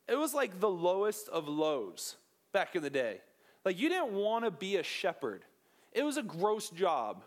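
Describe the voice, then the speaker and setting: A young man giving an energetic, joking sermon as a pastor, asking the audience questions. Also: high voice. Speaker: youth pastor.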